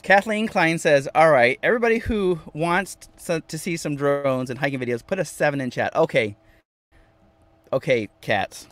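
A man chatting casually on a livestream from inside his van, reading viewers' comments aloud, talking to them by name and repeating himself with lively energy. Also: fairly high pitch, normal speed, dry recording. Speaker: vlogger reading live chat.

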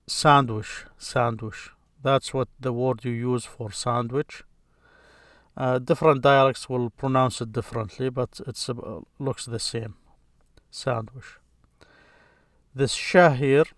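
Slow patient male teacher. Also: medium pitch, no room sound, studio quality. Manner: patient, repeats each sound, pauses often. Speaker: Arabic teacher. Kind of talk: slow letter-by-letter lesson.

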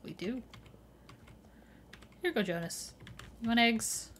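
A woman's voice: fairly high pitch, slow pace, a bit bright, slight background noise. Chatty young woman streaming a game. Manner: chatty, laughs often, greets and answers chat. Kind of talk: casual chat while live-streaming a game.

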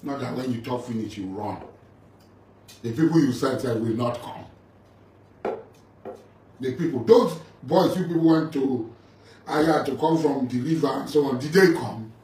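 A man's voice: medium pitch, a little slow, pauses often, darkish tone. A middle-aged man with a Nigerian English accent, delivering an angry, mocking rant at a rival. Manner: taunting, confrontational, mocking. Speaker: militant leader addressing a rival. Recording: roomy, distant mic with faint ambient noise.

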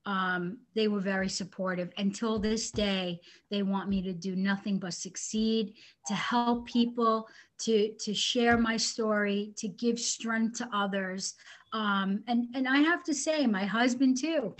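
A woman's voice: medium pitch, steady tone, unhurried. A woman, an inventor and entrepreneur, telling her story as an interview guest in a bubbly, heartfelt way. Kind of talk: casual interview chat.

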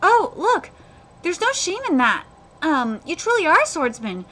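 A woman's voice: extremely high pitch, big pitch swings, unhurried, pushed and bright, voice pushed up, heavily acted. A woman reading aloud the lines of a weeping, solemn giant monk swordsman, in her own everyday voice. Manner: reads manga dialogue aloud in her own voice.

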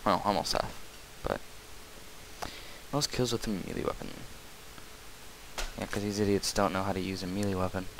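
A man giving casual let's-play commentary, muttering asides and then yelling loud bursts at the enemies he fights. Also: low voice, fairly even intonation, normal speed, long pauses. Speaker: gameplay commentator. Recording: faint game noise behind.

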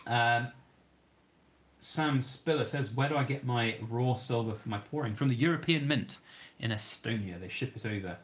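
A man's voice: mid-range voice, normal speed, fairly bright tone. A man with a British accent hosting a livestream, reading viewer questions aloud and answering in an easygoing, conversational way. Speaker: channel host.

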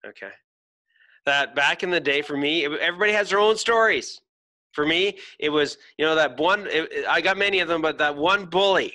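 A man's voice: on the high side, a little fast, sharp tone. A middle-aged man hosting a podcast, giving a blunt, emphatic motivational talk full of swearing. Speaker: podcast host.

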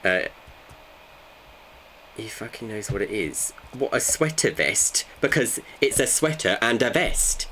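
A man's voice: lowish voice, animated, unhurried, sharp tone, a little hiss or hum. A man, chatting and joking with his viewers while playing a game. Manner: joking, bantering with chat. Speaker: streamer. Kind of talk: casual live gameplay chat.

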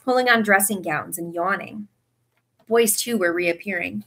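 A woman reading a story aloud with expressive narration. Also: medium pitch, moderate pace. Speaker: audiobook reader.

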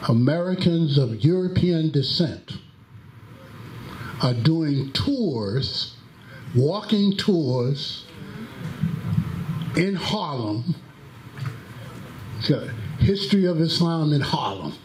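A man with a fairly high voice speaks very slowly and deliberately as he introduces a lecture. He tells stories and acts out the quotes. His voice rings through an echoey hall, with faint noise in the background. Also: expressive. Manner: deliberate, drawn-out delivery with acted-out quotes. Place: mosque hall.

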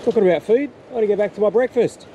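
A man's voice: high-pitched, racing, background noise. A middle-aged Australian man chatting casually while filming his beach campsite, laid-back and full of slang. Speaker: camping vlogger. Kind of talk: casual outdoor vlog chat.

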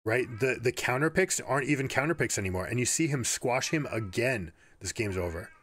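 A man's voice: mid-range voice, expressive, fairly quick, fairly bright tone, no room sound. A man with a mid-range voice breaks down esports play and slips into coaching advice as he goes. He talks with energy and often repeats words while he works out a point. The recording is dry and close, with almost no room sound. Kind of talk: game analysis with coaching advice.

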